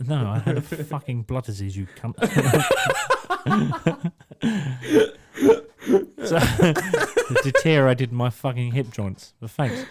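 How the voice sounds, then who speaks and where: Young male co-host, sarcastic and profane, animated delivery. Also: medium pitch, moderate pace, hardly any pauses, a little hiss or hum. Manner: sarcastic, swearing storyteller. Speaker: podcast co-host. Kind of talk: casual chat.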